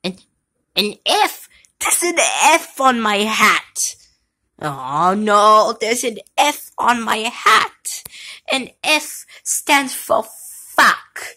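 An earnest, fretful male plumber who patiently explains himself in a bright, clear voice, as a woman puts him on. His pitch rises and falls in big swings, and he talks slowly. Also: very animated, exaggerated voice. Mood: worried.

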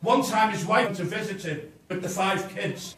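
A man's voice: sits high, normal speed, a bit bright. An older man speaking at a campaign meeting, telling his own story in an impassioned, blunt way. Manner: impassioned, blunt, acts out dialogue. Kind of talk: personal storytelling to an audience. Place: inn function room. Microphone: camera in the audience. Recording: echoey room from far off.

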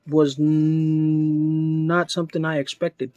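Casting note: man, slightly high voice, slow unboxing narration, awestruck, dry close sound. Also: no room sound, highs cut off. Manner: slow, excited, awestruck exclamations. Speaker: knife collector vlogger.

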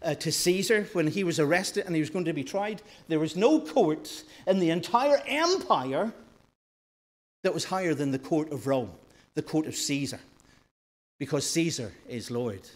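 A man preaching a sermon in a church, rising loud for emphasis and dropping soft and slow. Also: on the high side, expressive. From northern Ireland.

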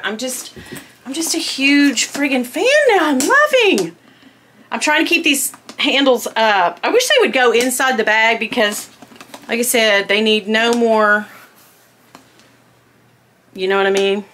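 A woman chatting casually to camera at home, gushing and squealing with excitement as she unboxes a handbag. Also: a little high, a little hiss or hum.

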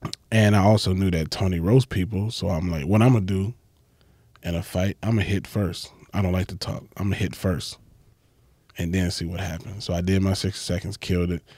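Man, comedian, lowish voice, profane, animated storyteller, dry sound. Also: a little fast, no echo. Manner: profane, acts out quotes with big jumps in pitch. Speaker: comedian guest. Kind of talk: animated storytelling in casual chat.

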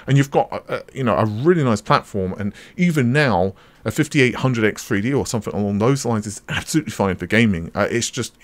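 A man with a slightly low voice hosts a tech talk, speaking casually and unscripted. He rambles through frequent fillers, restarts and self-corrections. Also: lively intonation, fairly quick, hardly any pauses. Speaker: tech channel host.

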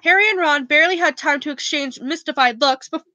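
High, bright-voiced woman reading aloud. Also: fairly quick, no echo. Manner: steady, with self-corrections. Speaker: reader.

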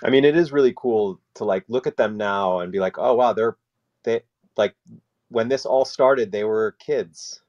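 A man's voice: on the low side, moderate pace, darkish tone, no echo. A man co-hosting a casual group chat on a video call, talking loosely, laughing and trailing off mid-sentence. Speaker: co-host of a rewatch podcast. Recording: dry, slightly dull lo-fi call audio.

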